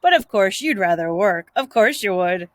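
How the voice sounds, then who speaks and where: A woman's voice: medium pitch, lively intonation, moderate pace, dry recording, studio quality, natural voice. A woman voicing a cocky boy in a read-aloud storybook, talking in a mocking, teasing way.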